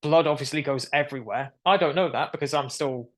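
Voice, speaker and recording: In a fairly high, fairly quick voice, a young adult man shares the story of his surgery as a video-call guest. The interview is casual, and he brings it to life by acting out the voices he quotes.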